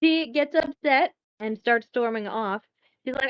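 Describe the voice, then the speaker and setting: A woman co-hosting a casual podcast, retelling a film in a chatty, profane, animated way. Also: sits high, unhurried, clean tone, no echo, highs cut off. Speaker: podcast co-host.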